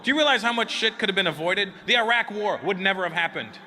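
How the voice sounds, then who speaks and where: A man's voice: sits high, fast. A man doing a stand-up comedy routine on a club stage, telling stories and chatting with the crowd, acting out both sides of each exchange. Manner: animated, acts out both sides of conversations. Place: comedy club stage before a live audience. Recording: noisy live club recording.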